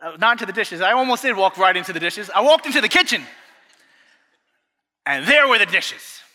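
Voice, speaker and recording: A man in his thirties delivers a sermon, his high voice swinging up and down as he tells a story. His tone is very bright and sharp. Long reverb from a large church hall trails each phrase. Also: brisk. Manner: animated storytelling, acting out family dialogue. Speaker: pastor.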